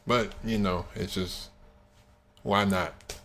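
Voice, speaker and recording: A man's voice: lowish voice, fairly quick. A man hosting a reaction video, giving laid-back, amused commentary and signing off to his viewers.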